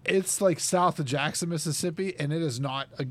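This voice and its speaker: A man co-hosting a casual podcast, talking with many pauses and restarts. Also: fairly high pitch, a bit bright, slight background noise. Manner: halting, full of fillers and restarts. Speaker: podcast co-host. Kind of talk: casual chat.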